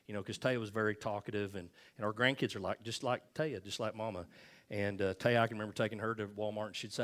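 A man's voice: fairly low pitch, steady tone, fast, fairly bright tone. An older man, a pastor, closing his sermon with a folksy story, acting out the voices in it, then leading a prayer. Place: church sanctuary.

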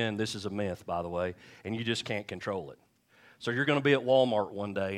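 A man's voice: on the low side, fairly bright tone. A middle-aged man preaching a sermon in a church, casual and joking, asking the congregation questions as he goes. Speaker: pastor. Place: church sanctuary.

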